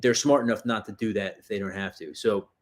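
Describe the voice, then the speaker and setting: A man's voice: lowish voice, fairly quick. A man hosting a self-defense livestream, telling rambling street-fight stories in casual, profanity-heavy chat. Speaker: self-defense channel host.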